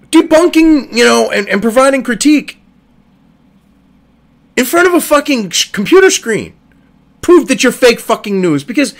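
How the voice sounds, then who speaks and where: A man with a high, gravelly voice delivers heated online commentary from his desk. His pitch leaps up and down, and he curses constantly in an exasperated rant. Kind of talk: ranting commentary. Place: at a computer desk.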